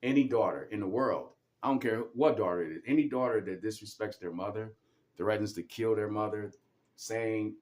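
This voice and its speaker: A man's voice: lowish voice, fairly quick, darkish tone. A man ranting heatedly to camera, repeating himself and swearing, preaching that karma will come. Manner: heated, repetitive, profane, preaching. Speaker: vlogger. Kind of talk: angry personal rant to camera.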